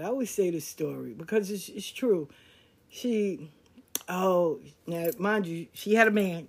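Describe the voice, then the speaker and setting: Husky-voiced casual storyteller. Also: mid-range voice. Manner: conversational, relaxed, slangy, with lively quoted dialogue. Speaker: podcast host.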